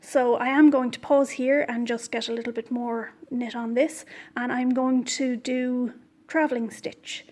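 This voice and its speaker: A woman's voice: fairly high pitch, level tone, a little slow, a little mellow. A woman hosting a knitting podcast, talking in an indignant, emphatic way with frequent "um"s. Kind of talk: casual vlog monologue.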